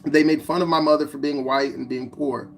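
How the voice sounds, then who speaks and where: A man narrating his own memoir as an audiobook, in a plain, steady reading. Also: fairly high pitch, a little fast. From United States.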